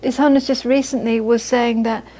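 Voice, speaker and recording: British buddhist teacher lady, high voice, earnest talk w lots of repeating and laughing. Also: little pitch movement, a little fast, dark tone. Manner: earnest, repeats phrases for emphasis, laughs often. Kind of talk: dharma talk to a live audience.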